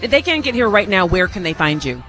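A woman's voice: medium pitch, big pitch swings, fast talker, fairly bright tone, soft background music. A woman reporting live for radio from an outdoor community event, chatty and bubbly, sometimes talking with her mouth full. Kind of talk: live radio remote broadcast.

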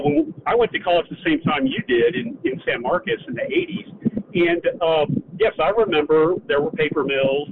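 An older caller speaks over a tinny, noisy phone line. His voice is gravelly and swoops widely in pitch. He talks earnestly, halting often on fillers. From Texas. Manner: hesitant, filler-heavy, earnest. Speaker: former community college professor. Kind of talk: radio call-in chat.

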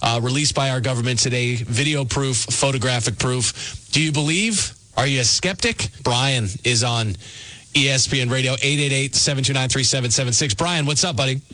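A man hosting a call-in sports radio show in the studio, chatty and excitable. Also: mid-range voice, normal speed, no echo, rough recording. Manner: excitable, chatty, reads out phone number. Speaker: radio sports talk host. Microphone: studio microphone.

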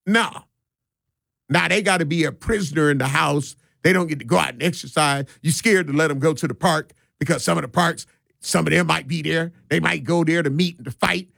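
A man's voice: fairly high pitch, a little fast, gravelly, fairly bright tone, no room sound, studio quality. A male radio talk show host giving emphatic, preachy commentary, repeating his points for effect. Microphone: studio microphone.

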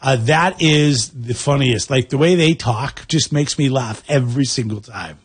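A man's voice: mid-range voice, measured pace, breathy edge. A man co-hosting a casual podcast chat, rambling and amused, with many fillers.

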